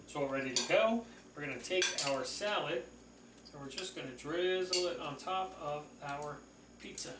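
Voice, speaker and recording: A man's voice: on the high side, normal speed, reverberant, heavy background noise. A man hosting a casual cooking demonstration, chatty and folksy, gushing over the food as he works in a kitchen. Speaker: cooking show host.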